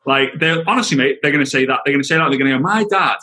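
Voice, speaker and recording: Earnest man, bright voice. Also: medium pitch, steady tone, rapid-fire, low-quality recording. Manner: earnest, heartfelt, emphatic. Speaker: podcast guest. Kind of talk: casual interview chat.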